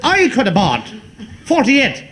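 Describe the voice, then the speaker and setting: A man telling a stand-up joke through quick back-and-forth dialogue. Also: extremely high pitch, wildly swooping pitch, a bit bright. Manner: chatty, dialogue-driven storytelling. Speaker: stand-up comedian.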